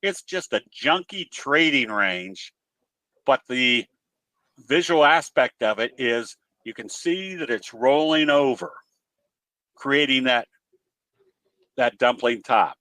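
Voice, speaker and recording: A man giving a webinar lesson on trading charts from his home office. He explains in an easygoing, folksy way at a medium pitch. His voice sounds dry and close. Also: animated, takes it slowly, long pauses, pushed and bright, no room sound. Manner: folksy, explanatory, tells jokes. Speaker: trading presenter. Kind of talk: webinar teaching talk.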